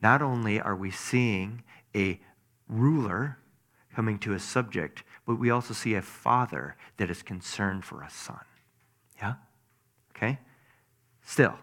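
A man preaching a sermon, animated, quizzing his listeners, and moving between loud emphasis and hushed asides. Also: mid-range voice, normal speed. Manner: animated, asks the audience questions, swings between loud and hushed.

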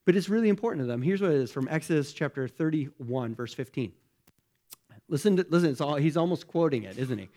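A man gives a sermon as pastor, his voice sitting a little higher than most men's. He talks to the congregation conversationally. He keeps checking in with rhetorical questions. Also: expressive, fairly quick, a little mellow. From United States. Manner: conversational, many rhetorical questions and "right?" tags.

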